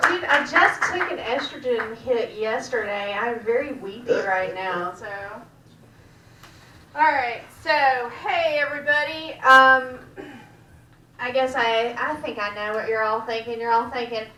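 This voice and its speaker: A woman with a Southern US accent doing a stand-up set, telling dark jokes in a deadpan drawl in the back room of a restaurant. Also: on the high side, a little slow. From Georgia, US. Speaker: stand-up comedian. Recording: echoey room, mic heard from far off.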